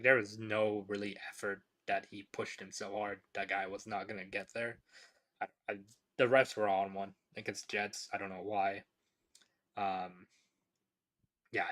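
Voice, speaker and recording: A man's voice: fairly low pitch, pushed and bright. A man hosting a casual sports podcast, talking loosely with lots of fillers and restarts as he reads chat. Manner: rambling, many fillers and restarts. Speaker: podcast host.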